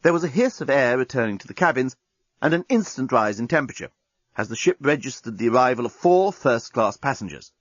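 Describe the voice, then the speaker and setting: Lively husky male audiobook narrator. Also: medium pitch, fairly quick, no echo, dull audio. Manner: lively comic storytelling. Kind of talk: scripted narration.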